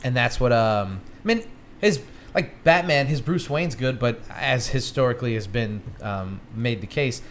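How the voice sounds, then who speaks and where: Male podcast co-host, casual and animated, mid-pitched, faint hiss behind. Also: normal speed. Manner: animated, swearing, pitch jumps when excited. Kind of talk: casual chat.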